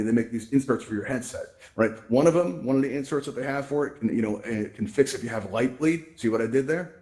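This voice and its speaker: A man hosting a virtual reality event, telling stories in a casual, animated way and often checking in with "right?", on a VR headset mic. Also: mid-range voice. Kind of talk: casual live presentation with storytelling.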